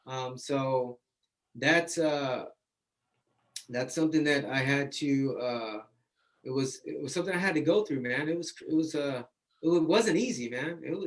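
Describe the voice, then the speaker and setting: A man speaks over a video call, his voice sitting a little high for a man. He tells his story in a relaxed, chatty way, calling people "man" and acting out what was said. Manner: casual, repeats "man" often, acts out quotes. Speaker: guest speaker.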